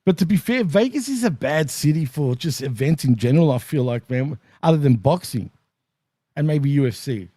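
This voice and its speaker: A man's voice: fairly high pitch, animated, normal speed, dark tone, dry recording. A man from Australia with an Australian accent, co-hosting a wrestling review show and laughing often in a laid-back way. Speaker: co-host. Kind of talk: casual wrestling review chat.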